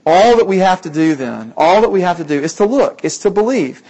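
An earnest male preacher, his voice sitting a touch high for a man. He drives his points home by repeating phrases and leaning hard on key words. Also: sing-song, brisk, a little mellow. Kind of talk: sermon.

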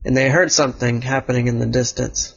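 A man's voice: medium pitch, steady tone, fairly quick, gravelly, husky. A man improvising a block-game story, rambling and restarting his sentences. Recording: dull lo-fi recording.

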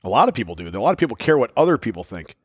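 A man's voice: mid-range voice, sing-song, racing, breathy edge, no room sound, studio quality. A middle-aged man co-hosting a podcast in casual chat, blunt and defiant, swearing freely. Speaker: podcast co-host.

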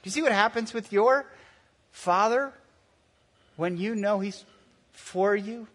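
Male pastor in his forties, slightly high voice, preaching in a conversational, story-led way, long hall reverb. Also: fairly bright tone. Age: 40s. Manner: conversational storytelling, slowing to earnest emphasis. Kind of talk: sermon.

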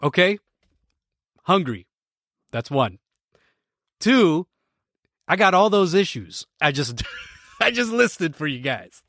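Animated American man, dry close mic. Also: sits high, takes it slowly, long pauses, dry recording. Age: 30s. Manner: animated, restarts often, laughs while telling a story. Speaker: podcast host. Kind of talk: casual storytelling to a live stream audience.

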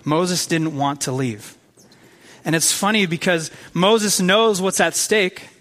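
A man's voice: high voice, slow pace, fairly bright tone. A man preaching a casual, conversational sermon with enthusiasm, full of fillers and repeated words.

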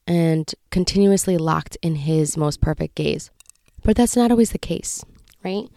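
Earnest, confiding woman podcast host; warm dark tone with some fry, dry close sound. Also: lowish voice, no echo. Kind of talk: faith podcast talk.

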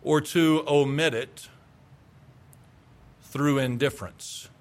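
Middle-aged male pastor, high-pitched, emphatic sermon delivery that acts out quoted replies. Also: fairly even intonation, slow.

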